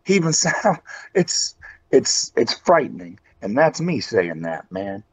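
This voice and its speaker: Intense folksy wrestler, husky voice. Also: male voice, mid-range voice, very animated, a little slow. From West Virginia. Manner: folksy and intense, calls people brother. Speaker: pro wrestler. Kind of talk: in-character wrestling promo. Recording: dull lo-fi audio.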